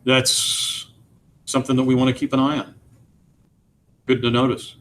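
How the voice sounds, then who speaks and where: A man's voice: mid-range voice, level tone, normal speed, a bit bright, a little hiss or hum. A man teaching an English class, reading a novel aloud and asking his students questions. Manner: reads dialogue with shifting voices, asks the class questions. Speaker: high school English teacher.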